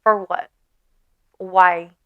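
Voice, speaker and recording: A young woman vlogger telling a dating story in casual chat, animated and swearing, laughing often. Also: on the low side, very slow, no room sound, phone-quality sound.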